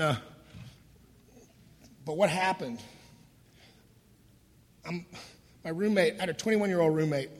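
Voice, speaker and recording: A middle-aged man candidly telling his own recovery story, wry and laughing through the dark parts. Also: on the high side, breathy edge. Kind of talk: personal storytelling talk. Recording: voice in a hall with long reverb.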